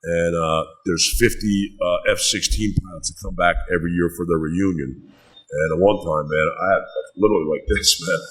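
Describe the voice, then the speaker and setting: A man's voice: deep voice, steady tone, moderate pace, fairly bright tone, rough recording. A middle-aged man, a bar co-owner telling rambling stories with lots of swearing and "man.". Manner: rambling, swears a lot, says "man" often. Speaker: bar co-owner, podcast guest. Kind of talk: casual storytelling chat.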